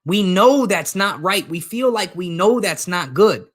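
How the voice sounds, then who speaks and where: A man's voice: sits high, lively intonation, unhurried, a bit bright. A man coaching his audience in an earnest, emphatic live talk, often repeating his phrases for effect. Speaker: motivational coach. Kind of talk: live-streamed motivational talk.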